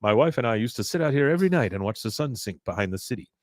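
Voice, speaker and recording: A man voicing a suave, smooth-talking older male actor who speaks slowly, with a put-on accent and courtly manners. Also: mid-range voice, lively intonation, dry recording, studio quality, natural voice.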